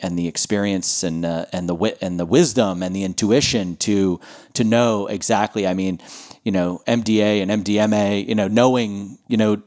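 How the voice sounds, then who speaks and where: A man's voice: lowish voice, a little mellow. A man co-hosting a podcast, affirming his guest and recapping her story in a conversational way, with many restarts. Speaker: podcast co-host. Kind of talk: conversational interview.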